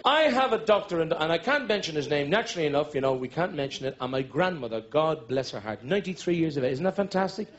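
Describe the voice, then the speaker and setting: A Dublin stand-up comedian with a slightly high, expressive voice talks fast with hardly any pauses, spinning jokey stories on stage and singing bits of songs. It's a dull live recording, with music and the audience in the background.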